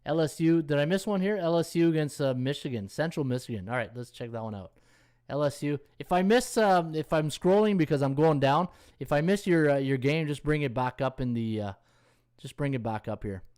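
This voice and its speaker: A man's voice: fairly high pitch, expressive, a little fast, a little mellow, clear, resonant tone. Rambling man thinking aloud on stream. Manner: rambling, thinks aloud while scrolling stats; reads viewer comments and thanks them. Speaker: sports betting handicapper and host. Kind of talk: casual live-stream Q&A.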